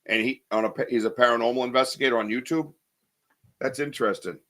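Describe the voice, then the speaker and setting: Bright-voiced rambling podcast host, a man. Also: mid-range voice, fairly even intonation, fast. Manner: rambling, chatty, many fillers and restarts. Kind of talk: casual live-stream chat, reading viewer comments.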